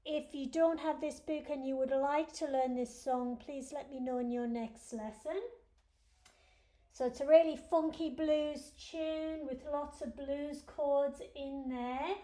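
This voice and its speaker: A woman's voice: high voice, steady tone, unhurried, mellow. A woman piano teacher giving a lesson, patiently explaining each step to her students. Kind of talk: instructional lesson. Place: room with a piano. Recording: roomy echo with faint piano.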